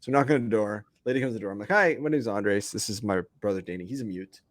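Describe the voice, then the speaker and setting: A man's voice: lowish voice, rapid-fire, dry recording. A man hosting a podcast, telling stories in a laid-back way and laughing as he goes. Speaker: podcast host. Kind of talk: casual storytelling chat.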